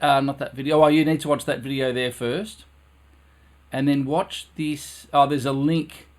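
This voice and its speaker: Male brass teacher, mid-pitched, earnest, repeats himself to drive the point home; live stream from his studio. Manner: earnest, repeats phrases for emphasis. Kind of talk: live-streamed music lesson. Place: his own recording studio.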